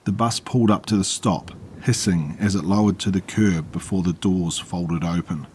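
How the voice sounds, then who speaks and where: A man narrating a horror story in a calm, measured way. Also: sits low, a little hiss or hum.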